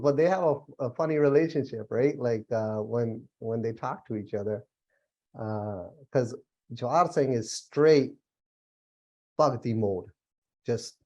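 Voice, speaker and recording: Chatty man teaching a relaxed class. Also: medium pitch, highs cut off. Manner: relaxed, chatty, many fillers and laughs. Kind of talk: casual spiritual class talk.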